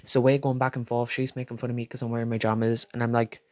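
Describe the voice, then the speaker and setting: A young man telling a storytime tale in a sassy, dramatic way, swearing freely. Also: mid-range voice. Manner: fast, lively gossip delivery. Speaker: storytime vlogger. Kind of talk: storytime retelling.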